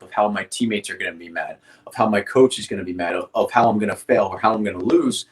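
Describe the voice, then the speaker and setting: A man in a motivational coaching style, walking his listeners through ideas step by step. He talks at a middle pitch and keeps checking in with a quick "right?" as he explains. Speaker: athlete mindset coach. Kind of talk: motivational teaching to camera.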